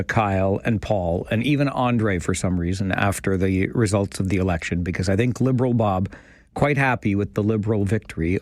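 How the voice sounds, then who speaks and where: Dry-voiced radio host, low. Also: male voice, darkish tone, dry recording. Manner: dry, sarcastic banter with callers. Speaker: radio talk show host. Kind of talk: call-in radio talk. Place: radio studio.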